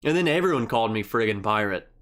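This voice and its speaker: A man's voice: lowish voice, lively intonation, fast talker, a bit bright. A young man hosting a casual live stream, rambling through an army story and reading viewer comments aloud. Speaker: livestream host.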